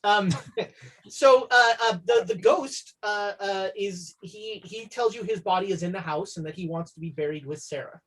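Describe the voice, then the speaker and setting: A woman's voice: mid-range voice, moderate pace. A woman running a tabletop horror game as game master, narrating with many hesitant fillers.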